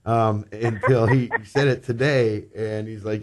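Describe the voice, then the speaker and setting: A man's voice: fairly low pitch, steady tone, measured pace, a little mellow. A man hosting a talk radio show, chatting in a loose, rambling way with many fillers. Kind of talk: casual talk radio chat.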